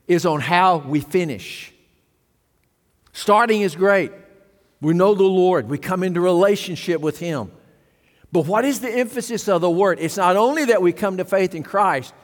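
A pastor preaching a sermon, turning to his congregation with rhetorical questions. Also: high voice. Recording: long hall reverb.

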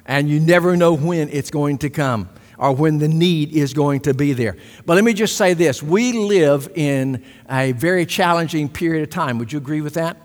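Middle-aged pastor preaching, kinda high voice, repeats his points, long echo off the church walls. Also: normal speed, hardly any pauses. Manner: emphatic preaching, repeats key phrases, asks congregation for agreement. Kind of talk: sermon.

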